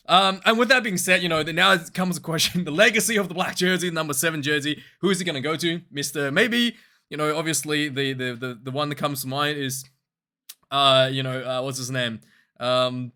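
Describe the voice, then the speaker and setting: A man hosting a casual rugby match review vlog, talking in an animated, rambling way with frequent laughs. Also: on the high side, brisk.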